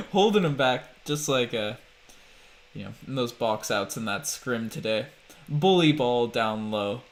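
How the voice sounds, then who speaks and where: A man hosting a livestreamed podcast in loose, casual chat. He is chatty and laughs easily while he thanks viewers and pumps up the channel. His voice sits at an ordinary middle pitch. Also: animated, unhurried. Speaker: podcast host.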